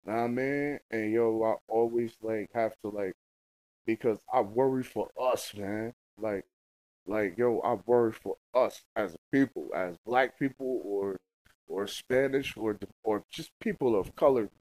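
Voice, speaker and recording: A young man hosting his own casual solo podcast, rambling in heavy slang and profanity with lots of fillers, and getting loud and high when a story heats up. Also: unhurried, no room sound, low-quality recording. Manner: gets loud and high-pitched when telling a heated story. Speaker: podcast host.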